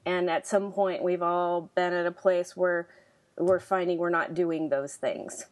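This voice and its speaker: A woman hosting a podcast, talking in a measured, reflective way. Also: lowish voice, fairly even intonation. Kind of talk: casual podcast conversation.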